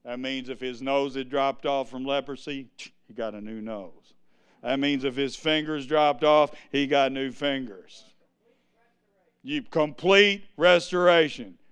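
A man preaching a sermon in a church, swinging from quiet asides to loud, lifted preaching. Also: medium pitch, a little slow, smooth.

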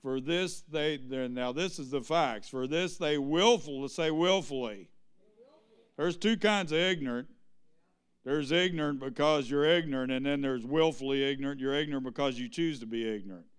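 A man's voice: mid-range voice, normal speed, clean tone. A male pastor preaching a sermon, throwing questions at the congregation and asking them to answer.

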